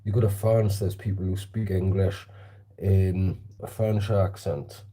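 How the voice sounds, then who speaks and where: A man with a low, dark voice speaks unhurriedly with little pitch movement. In an indoor hallway, he vlogs casually while shooting targets with a slingshot, chatting and responding to viewer comments.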